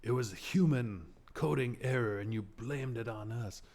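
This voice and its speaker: A man mimicking a calm, preachy male robot that lectures slowly and serenely, like a monk. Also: medium pitch, lightly acted. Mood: serene lecturing.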